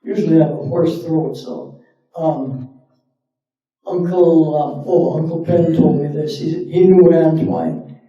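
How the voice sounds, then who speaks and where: A man's voice: a little high, steady tone, slow pace, mellow, distant mic, lo-fi sound. Folksy man telling stories in an echoey hall. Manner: folksy, rambling anecdotes. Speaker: panelist. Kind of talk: storytelling at a panel talk. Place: town hall.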